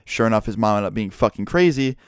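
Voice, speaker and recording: A man's voice: on the low side, lively intonation, fast talker, smooth, dry recording, clean studio sound. A young man telling a story to his viewers in a casual, rambling way, swearing often and filling gaps with "like". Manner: profane, rambling, heavy use of "like". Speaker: YouTuber.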